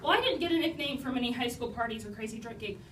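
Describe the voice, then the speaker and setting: Speaking fast and animatedly in a fairly high voice, a young adult woman shares humorous personal stories before a live crowd. She pokes fun at herself and sprinkles in plenty of "like" and "you know," captured on a noisy, roomy, distant mic.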